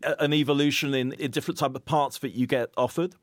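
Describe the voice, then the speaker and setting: A man's voice: medium pitch, steady tone, fast talker, no room sound, clean studio sound. A man hosting an interview who asks long questions and chimes in often with short agreeing sounds. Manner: affable, lots of brief agreeing sounds. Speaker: interviewer, host.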